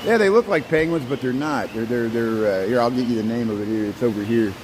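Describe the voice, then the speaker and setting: A man's voice: mid-range voice, a little fast, noisy background. Chatty man touring a birdhouse. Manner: chatty, talks to the animals, trails off and repeats words. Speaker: vlogger. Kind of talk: casual walking tour narration. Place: indoor zoo birdhouse.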